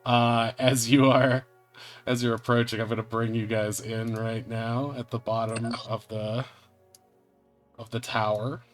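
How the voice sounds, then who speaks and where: A man's voice: lowish voice, little pitch movement, moderate pace. A man narrating as game master of a tabletop game, chatty and laughing as he goes, with music behind him.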